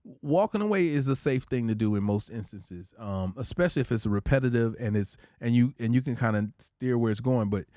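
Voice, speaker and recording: A man hosting a casual livestream, talking through relationship advice in an easygoing, preachy way and shouting out his chatters by name. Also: lowish voice, no room sound, studio quality. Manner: reads out viewer comments and shouts out chatters; laid-back, conversational, preachy about relationships. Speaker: livestream host.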